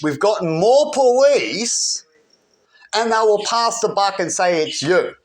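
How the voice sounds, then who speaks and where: Heated, animated man ranting. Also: sits high, slow. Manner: rambling, heated, keeps asking "right?". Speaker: vlogger. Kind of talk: agitated personal rant.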